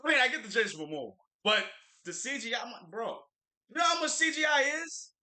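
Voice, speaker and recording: A man co-hosting a livestream, chatting in an opinionated, emphatic way. His voice sits high and swings a lot, with a very bright, sharp edge. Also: a little fast, reverberant. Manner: animated, opinionated, repeats words for emphasis. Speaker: livestream co-host. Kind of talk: casual pop-culture chat.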